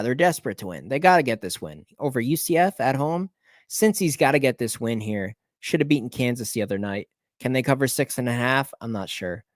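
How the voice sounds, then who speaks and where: A man at an ordinary middle pitch talks through his betting picks in a loose, rambling way. He thinks aloud, stops to check scores and corrects himself as he goes. His voice sounds close and dry, with no room around it. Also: no echo. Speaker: sports betting picks host. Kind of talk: casual solo picks rundown.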